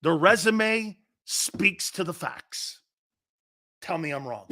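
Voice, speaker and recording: A man's voice: sits high, lively intonation, takes it slowly, bright, forceful tone. A man hosting a sports talk show, combative and opinionated, firing rhetorical challenges.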